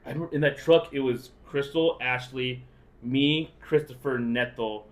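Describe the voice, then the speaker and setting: A young man hosting a podcast, rambling through an animated story in casual chat. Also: mid-range voice, normal speed. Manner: rambling, animated retelling with swearing and "dude". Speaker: podcast host.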